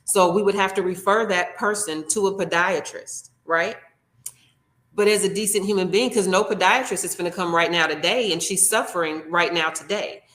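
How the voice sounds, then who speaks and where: A woman's voice: lowish voice, moderate pace, a bit bright, reverberant. A woman working as a nail technician, telling an earnest, heartfelt story in an interview, acting out what people said. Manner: earnest and heartfelt, with frequent restarts and acted-out quotes.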